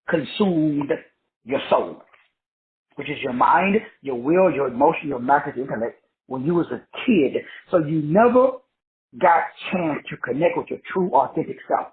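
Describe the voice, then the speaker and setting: A high-voiced, middle-aged man coaching in a loose, streetwise way, swinging his pitch up and down as he acts out other people. The sound is thin and tinny, like a phone line. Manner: animated, slangy and profane, acting out other people's voices. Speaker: life coach. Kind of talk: casual motivational talk.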